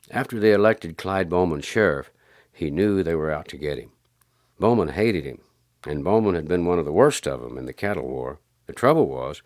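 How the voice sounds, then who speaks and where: A man narrating western short stories as an audiobook in an unhurried, low-key way. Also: no room sound, studio quality.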